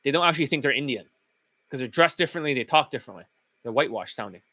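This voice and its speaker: A man's voice: mid-range voice, expressive, racing, bright, forceful tone, no echo. A man who coaches dating, talking in a blunt, profane, casual monologue.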